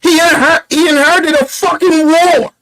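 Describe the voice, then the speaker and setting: A man with a strikingly high-pitched voice delivers a heated commentary rant. He talks bluntly and profanely, hammering his points with rhetorical questions. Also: steady tone, normal speed, fairly bright tone, low-quality recording. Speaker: online commentator.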